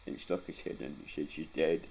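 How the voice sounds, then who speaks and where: A man's voice: very deep voice, level tone, fast, vocal fry, darkish tone, slight background noise. A Scottish man in his forties telling a painful personal story in a rambling, sweary way, close to tears and often tagging on "right?". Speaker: vlogger.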